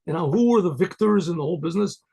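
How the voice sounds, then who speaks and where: Gravelly, husky rabbi telling a story. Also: male voice, sits high, expressive, very fast, dark tone. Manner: conversational, rambling with restarts. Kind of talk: storytelling talk.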